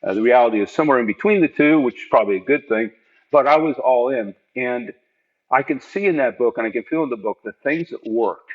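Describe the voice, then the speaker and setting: A man's voice: mid-range voice, a little fast. A middle-aged man, a podcast guest, tells earnest, reflective stories of his working life in a conversational interview from home. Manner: earnest, reflective, animated storyteller. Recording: dull lo-fi remote audio.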